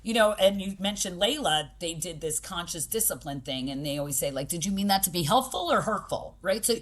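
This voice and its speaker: A woman's voice: on the low side, animated, a little fast. Emphatic woman talking in an interview. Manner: emphatic, acts out quoted people; direct, pragmatic. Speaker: podcast guest, boxing gym owner. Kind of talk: conversational interview.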